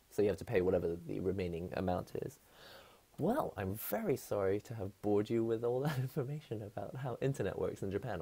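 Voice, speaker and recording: Low gravelly-voiced man chatting on stream. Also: warm tone. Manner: chatty, rambling, laughs often. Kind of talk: casual live-stream chat. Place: his apartment.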